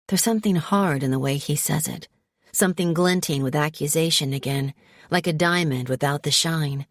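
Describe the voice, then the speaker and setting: A woman narrating a first-person romance audiobook in a calm, soft, measured way. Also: low-pitched, dry recording, clean studio sound.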